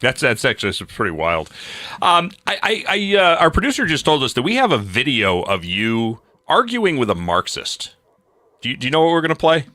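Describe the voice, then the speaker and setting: A man's voice: mid-range voice, wildly swooping pitch, brisk, bright, forceful tone, dry recording. A man from New Hampshire hosting a talk show, direct and emphatic, with a casual hosting style.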